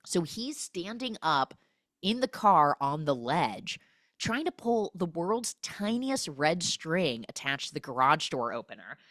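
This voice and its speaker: A young woman hosting a comic film-recap podcast, telling the story with lively asides and acting out the characters' lines in exaggerated voices. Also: low-pitched, unhurried, no echo, studio quality. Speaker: podcast host recapping films.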